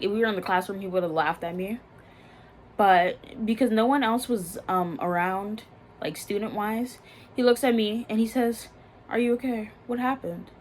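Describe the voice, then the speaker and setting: A young woman telling a personal story in a casual, halting way, full of fillers and restarts, often subdued. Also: medium pitch, slight background noise. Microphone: phone.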